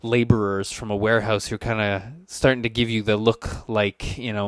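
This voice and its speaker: A man's voice: on the low side, little pitch movement, normal speed, no room sound. A man narrating a tabletop game as game master, loose and rambling with many fillers.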